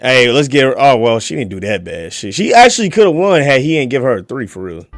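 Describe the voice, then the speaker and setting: A man gives crude, joking commentary while reacting to a video, shifting from loud bursts to muttered asides. His pitch swoops all over the place. The sound is dry and close, with no room echo. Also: sing-song, fast talker, faint music behind. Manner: crude, joking, swings between loud outbursts and mumbled asides.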